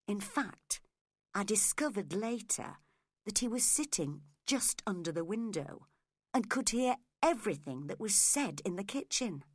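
A woman narrating a classic story in a slow, clear reading for English learners. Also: medium pitch, no echo, clean studio sound. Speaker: narrator of a graded English reader.

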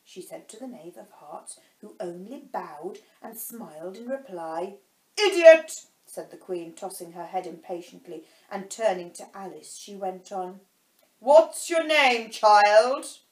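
A woman teacher reading a storybook aloud to children, slowly and stopping to explain words. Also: fairly low pitch, warm tone. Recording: echoey room.

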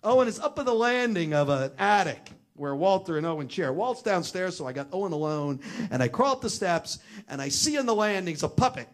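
A middle-aged man telling a family story as a talk, animated and acting out the voices of the people in it. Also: high voice, a little fast.

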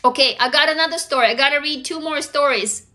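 Woman, livestream host, high voice, bright tone, effusive, excitable. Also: fast. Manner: effusive, excitable, swears when impressed. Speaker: livestream host reading viewer stories. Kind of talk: casual livestream chat and reading aloud.

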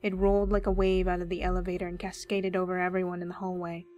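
A woman reading a first-person horror story aloud with steady, measured storytelling. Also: lowish voice, dull audio, slight background noise. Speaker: story reader. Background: faint background music.

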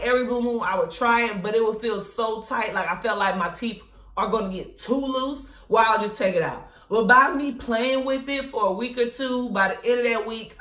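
A woman vlogger telling a casual storytime in an animated, slangy way, laughing often. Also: a little high. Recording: echoey room.

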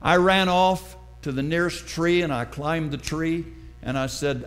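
A middle-aged man preaching a sermon, telling a personal story slowly and dramatically. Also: fairly high pitch, faint music behind. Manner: slow, deliberate, dramatic storytelling.

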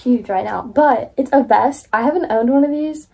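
A young woman chatting casually to camera in a vlog, bubbly and excitable, full of "like" fillers. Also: high voice, normal speed, gravelly, slightly rough. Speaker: vlogger.

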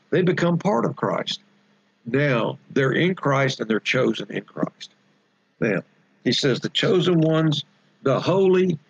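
A man's voice: a little high, vocal fry, breathy edge, no room sound, muffled recording. A man preaching as pastor in a Bible study, explaining Greek words with emphatic, repeated phrases.

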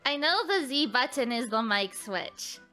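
Giggly woman VTuber, high bright voice, unhurried chat, faint game music behind. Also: animated. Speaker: VTuber streamer. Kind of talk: casual live-stream gaming chat.

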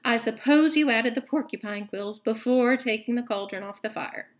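Sneering male potions master, put on by a woman, cutting and contemptuous, storybook reading, fairly high voice. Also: moderate pace, natural voice. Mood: snarling.

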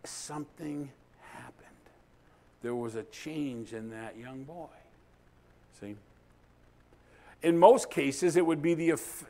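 Animated man preaching through a story. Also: a little high. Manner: animated storyteller acting out dialogue, dramatic pauses. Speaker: pastor. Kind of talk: sermon with storytelling.

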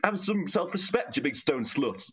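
A man's voice: a little high, big pitch swings, normal speed, fairly bright tone, dull audio, a little hiss or hum. A man voicing a brash, crude male comedian pundit, ranting bluntly in improvised role-play.

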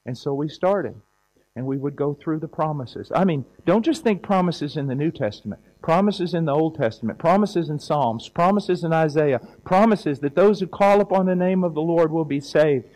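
A man's voice: fairly high pitch, lively intonation, moderate pace, darkish tone, dry recording, rough recording. A man preaching a sermon, telling a story with fervent, intense delivery.

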